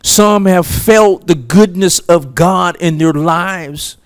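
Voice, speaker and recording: A male preacher delivers his sermon in a slow, deliberate way, leaning on each phrase and pausing long between them. His voice sits fairly high for a man. The sound is dry and close, with no room echo. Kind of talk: sermon teaching.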